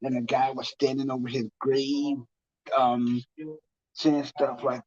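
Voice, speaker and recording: A man's voice: medium pitch, flat delivery, slow, a little mellow. A man casually telling a long story, rambling and repeating himself, with many fillers. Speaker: TV talk guest telling a story. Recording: muffled lo-fi sound.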